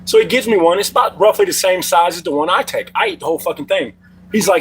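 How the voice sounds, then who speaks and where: Middle-aged guy chatting on his livestream, kinda high voice, swears a lot, hum in the background. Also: fast talker, poor audio. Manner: loose, profane storytelling. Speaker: livestream host. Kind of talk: casual livestream chat.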